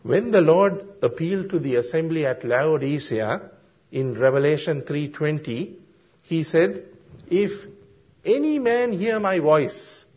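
A man preaching a sermon, explaining Bible verses slowly and deliberately with frequent ums and uhs. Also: on the high side, husky. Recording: dull lo-fi sermon recording.

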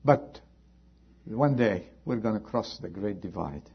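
Husky preacher, loud then hushed. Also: male voice, lowish voice, animated, takes it slowly, muffled recording. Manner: swings between loud pleading and hushed warnings. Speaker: pastor. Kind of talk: sermon.

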